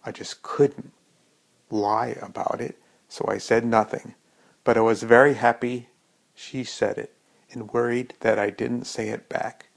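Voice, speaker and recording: A man with a gravelly voice reading a first-person story in a slow, reflective way. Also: medium pitch, steady tone.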